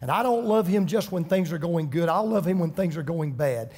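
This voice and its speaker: A man's voice: a little high, expressive, fairly quick, a little mellow, breathy edge, in a large hall. A man preaching a sermon as pastor, impassioned, acting out quoted voices with drama, from a church sanctuary.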